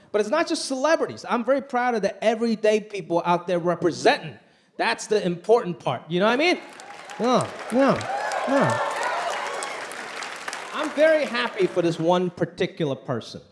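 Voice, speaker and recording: A man performing a stand-up comedy routine on a club stage, talking in an animated way and acting out the voices he quotes. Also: high-pitched. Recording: live club recording with crowd noise. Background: audience laughter.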